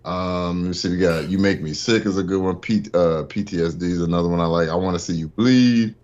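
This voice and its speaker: A man's voice: low-pitched, brisk, a little mellow, lo-fi sound. A man chatting casually on a podcast, rambling with lots of fillers and restarts. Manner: rambling, many fillers and restarts, laughs while telling stories. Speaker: podcast guest. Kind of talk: casual chat.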